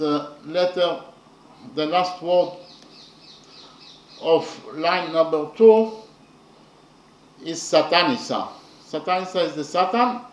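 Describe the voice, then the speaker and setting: Guy explaining a poem, high voice, lots of uh's, echoey room. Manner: hesitant, many pauses and fillers. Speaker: poetry teacher. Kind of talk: slow explanatory lecture.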